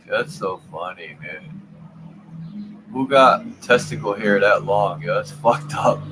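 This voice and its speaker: A man hosts his own channel, browsing old maps and offering casual commentary full of relaxed, amused, slangy asides. His voice is on the low side and slow-paced, with background noise in the recording.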